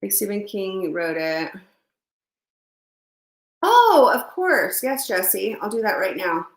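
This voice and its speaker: Eating breakfast during a phone livestream, a woman gossips and reads comments from viewers in her home, which is under construction. She speaks slowly and very animatedly at a medium pitch.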